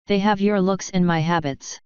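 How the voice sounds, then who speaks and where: A mischievous male chaos creature teases his family in a low, very clear voice, as a woman reads him aloud. His lines come from a storybook reading, dry and a little muffled. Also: fairly even intonation, normal speed, a little mellow, no room sound, natural voice. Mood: teasing. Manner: teasing, playful.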